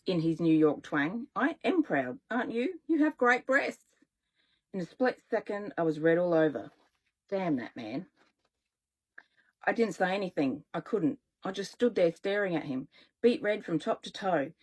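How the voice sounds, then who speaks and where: A woman's voice: on the low side, darkish tone, breathy edge. Woman reading her own romance novel. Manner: chatty, with self-corrections and asides to listeners. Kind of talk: first-person romance reading.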